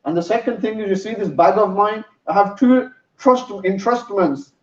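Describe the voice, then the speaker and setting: A man's voice: high voice, normal speed. A man giving a sermon, telling a story in an earnest way. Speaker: preacher. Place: mosque hall. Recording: roomy, distant, dull sound.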